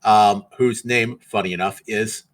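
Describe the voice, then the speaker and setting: A man's voice: lowish voice, fairly even intonation, a little slow, rough recording. A man acting as game master, chatting casually and rambling a bit with fillers as he wraps up a tabletop game stream.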